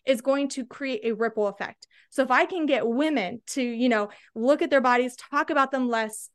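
A woman's voice: high voice, moderate pace. A woman guest, a body-confidence coach, speaking with passion and emphasis in an interview. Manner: energetic, emphatic, tag questions like "right?".

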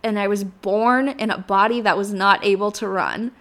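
A woman's voice: medium pitch, fairly even intonation, normal speed. A woman in her twenties hosting her own podcast, talking earnestly in a rambling way and sounding close to tears. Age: 20s. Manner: earnest, rambling, uses "like" and "literally" often. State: emotional, near tears. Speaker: podcast host. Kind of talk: solo podcast monologue.

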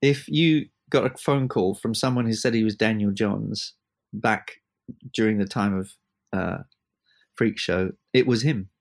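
A record producer, a man, telling animated anecdotes in an interview and acting out the voices of the people in them. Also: lowish voice, unhurried, vocal fry. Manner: animated anecdotes, acts out quoted voices, laughs. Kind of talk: storytelling interview chat. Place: abroad from the host, evening.

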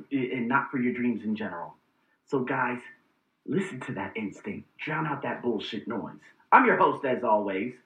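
Blunt, profane man with tinny echo. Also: medium pitch. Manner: blunt, profane, animated storytelling. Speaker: host. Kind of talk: casual personal vlog monologue.

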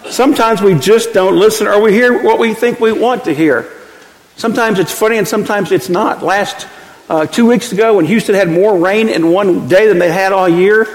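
Male pastor, folksy storytelling sermon, high voice, hall reverb. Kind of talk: sermon with scripture reading.

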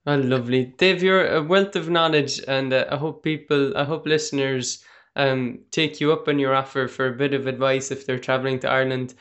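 A podcast host with a medium-pitched, steady, slightly bright voice closes out a casual interview at a brisk pace. He offers his guest brief, encouraging affirmations as things wrap up.

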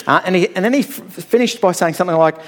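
A man's voice: high-pitched, fast. A middle-aged man preaching a sermon in a conversational, storytelling way, often checking in with "all right?".

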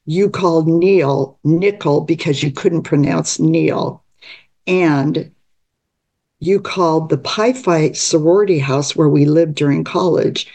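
Lady reading as her blunt caring old friend, earnest, slow and mellow. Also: sits low, full character voice. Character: frank, caring longtime woman friend.

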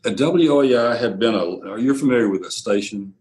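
An older man, a radio executive telling anecdotes in an interview, quoting others in lively bursts. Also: lowish voice, fairly quick, poor audio. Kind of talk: storytelling interview.

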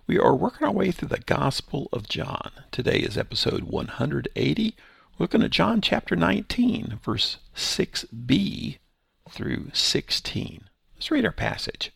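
A man's voice: fairly high pitch, sing-song, a little slow, creaky, husky, no echo. A man who is a pastor and podcast host, reading scripture aloud and then explaining it in a conversational teaching style. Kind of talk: Bible study podcast teaching.

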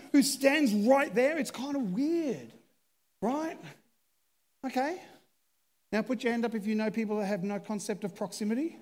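A man's voice: extremely high pitch, normal speed, in a large hall. A man preaching a humorous sermon as pastor, chatty and self-deprecating as he jokes with the congregation from a church stage.

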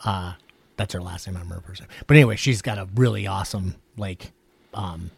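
A man's voice: deep voice, quick pace, vocal fry, husky, no room sound. A man co-hosting a podcast in casual chat, loose and casually swearing.

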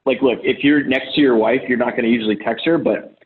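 A man gives other men casual, blunt, profane relationship advice, acting out heated arguments in quoted lines. He talks fast in a steady, mid-range voice, and the audio is lo-fi, like a phone.

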